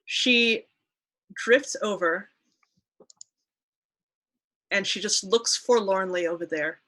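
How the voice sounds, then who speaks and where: A woman's voice: medium pitch, slow pace, a bit bright, low-quality recording. A woman narrating a tabletop game as game master, casual and hesitant, on an online call.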